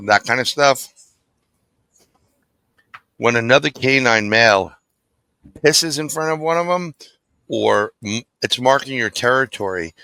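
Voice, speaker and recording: A man recounts an encounter as an interview guest, his voice bright and tense, edged with a forceful ring. The recording is close and dry, with no room sound around him. He tells it vividly and bluntly, with an occasional curse. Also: mid-range voice, no echo. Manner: vivid, animated storytelling, blunt and profane. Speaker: guest, paranormal investigator. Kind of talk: storytelling in an interview.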